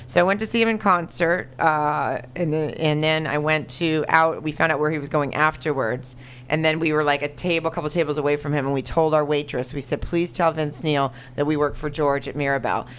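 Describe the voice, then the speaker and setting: A woman in her thirties, co-hosting a podcast, telling a story in a casual chat. She laughs a lot and jumps up high when she quotes people. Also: steady tone, a little fast, a little hiss or hum. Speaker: podcast co-host.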